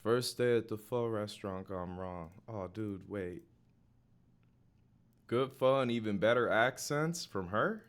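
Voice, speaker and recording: A man's voice: lowish voice, measured pace. A young man streaming, chatting casually with chat, rambling and laughing as he talks in loose slang.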